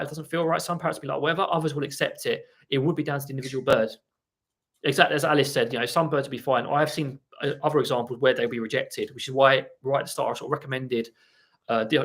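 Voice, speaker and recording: A man hosting a casual live stream about parrot training, chatty and rambling as he reads viewer comments and talks softly to his birds at home. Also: mid-range voice.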